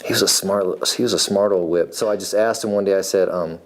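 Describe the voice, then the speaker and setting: A man's voice: deep voice, steady tone, brisk. A man in his forties from Nevada, telling his own story in a rambling, laid-back way. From Nevada, USA. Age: 40s. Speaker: reality show applicant, farrier. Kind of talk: casual personal storytelling.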